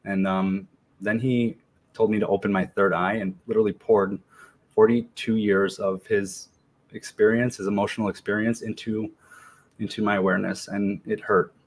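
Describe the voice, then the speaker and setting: A man in his forties talks as a podcast guest in a low voice that barely rises or falls. He is laid-back and slangy, and he keeps stopping on ums and starting his sentences over. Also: moderate pace. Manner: relaxed, slangy, many ums and restarts. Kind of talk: casual storytelling interview.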